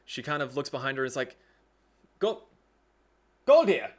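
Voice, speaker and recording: A man narrating a tabletop game as game master, in a relaxed, hedging way. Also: medium pitch, rapid-fire, clean tone.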